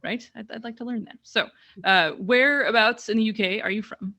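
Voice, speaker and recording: An American woman from Washington State co-hosts with an eager, laughing energy, often restarting her sentences. Her voice is bright and forward, with a crisp edge. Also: on the high side, normal speed. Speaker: co-host. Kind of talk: casual chat.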